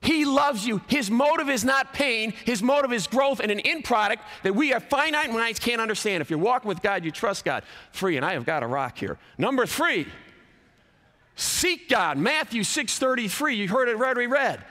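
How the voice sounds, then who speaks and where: A man's voice: extremely high pitch, expressive, normal speed, sharp tone. Emphatic preaching man in a big hall. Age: 50s. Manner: emphatic, preacherly, rising and dropping for effect. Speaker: college athletic director and speaker. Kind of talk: chapel sermon. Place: large college chapel. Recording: long hall reverb.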